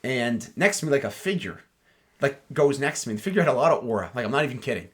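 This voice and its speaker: A young man co-hosting a podcast, telling a story in an animated way full of fillers. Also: mid-range voice, fast. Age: young adult. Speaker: podcast co-host. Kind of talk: casual chat.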